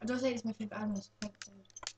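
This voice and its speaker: A woman's voice: medium pitch, fairly even intonation, rapid-fire, a little mellow, a little hiss or hum. A woman chatting playfully and teasing along while children play a video game. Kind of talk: playful casual chat.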